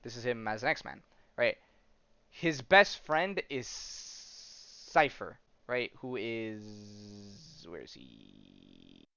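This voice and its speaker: A man's voice: on the low side, very animated, extremely slow, pushed and bright, clear, resonant tone, lo-fi sound. A man hosting a podcast, rambling through a comic story in casual chat and acting out the characters' lines with lots of fillers. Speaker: podcast host.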